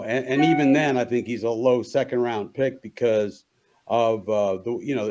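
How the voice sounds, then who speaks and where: Hoarse-voiced man on sports radio. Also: mid-range voice, warm tone. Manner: opinionated, many restarts. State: hoarse morning voice. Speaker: sports columnist guest.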